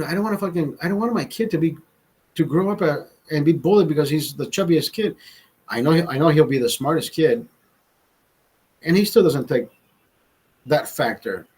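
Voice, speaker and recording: Husky-voiced man telling a rambling story. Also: on the high side, a little fast, a little mellow, rough recording. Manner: rambling, profane, many restarts. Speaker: vlogger host. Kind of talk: casual profane storytelling.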